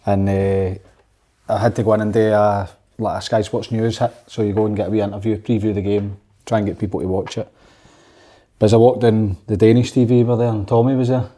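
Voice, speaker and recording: A Scottish former footballer telling a relaxed anecdote in casual chat. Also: male voice, on the low side, fairly quick. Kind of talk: casual storytelling.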